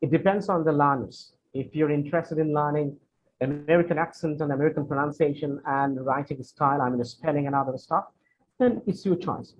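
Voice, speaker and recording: Answering students in an online question session, a man from Bangladesh speaks fairly quickly in a steady, slightly high voice. He's friendly but hesitant, with many fillers and restarts, and the video call audio is dull and lo-fi with faint noise.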